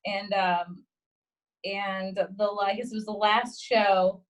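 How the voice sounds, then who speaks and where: A young adult woman and guest comedian, telling a story in casual podcast chat, animated and swearing freely as she acts out quotes. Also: mid-range voice, slow, poor audio.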